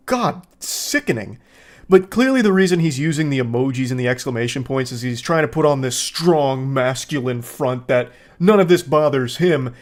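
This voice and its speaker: A man hosting a reaction commentary, sitting a little higher in pitch than most men. He is sarcastic and exasperated, and he swears freely as he tears into the messages he reads aloud. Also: animated, moderate pace. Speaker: commentary host.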